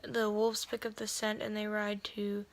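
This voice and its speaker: A woman's voice: mid-range voice, monotone, a little slow. A woman giving a casual spoken recap of a novel. She rambles, uses lots of fillers and corrects herself, and sometimes drops to a whisper for asides. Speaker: video creator summarizing a novel.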